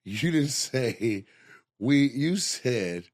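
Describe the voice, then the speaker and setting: A man, a comedian hosting a casual chat, telling a story with animated, profane delivery and laughter. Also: medium pitch, very slow, dry recording, studio quality. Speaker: comedian host.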